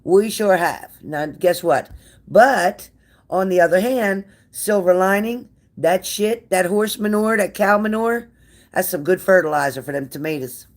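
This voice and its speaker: A woman's voice: on the low side, a little slow. Sassy, blunt woman streaming to viewers. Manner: blunt, sassy and swearing, reading out viewer comments. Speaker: livestream tarot reader. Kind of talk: casual livestream chat with viewers.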